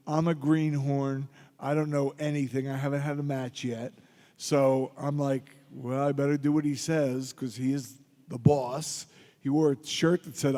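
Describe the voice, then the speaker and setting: Middle-aged man, convention panel guest, dark mellow tone, loose storytelling to a crowd, heard with long hall reverb. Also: mid-range voice. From Philadelphia. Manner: gruff, joking anecdotes addressed to the crowd. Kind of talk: audience Q&A storytelling.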